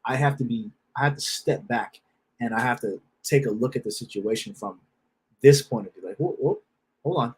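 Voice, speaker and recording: Husky man, blunt and profane, repeats himself: self-help speaker. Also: mid-range voice, moderate pace, rough recording. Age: adult with a wife and children. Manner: repeats phrases, restarts. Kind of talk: casual motivational talk.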